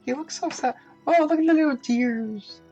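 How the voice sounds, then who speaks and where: A woman's voice: high voice, moderate pace, mellow, dull audio, faint music behind. A woman playing through a dating game, reading its text aloud with playful, giggly asides. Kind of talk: casual gameplay commentary.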